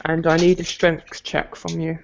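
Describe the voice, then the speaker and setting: A man narrating a tabletop game as game master, often halting and restarting as he describes the combat. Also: a little high, monotone, vocal fry. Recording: lo-fi mic with faint noise.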